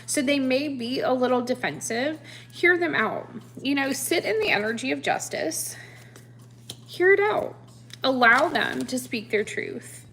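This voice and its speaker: A tarot reader with a high, lively, slightly bright voice does a live reading for her viewers at an unhurried pace. Sniffly but chatty and playful, she laughs often and calls her audience kids, honey, and guys.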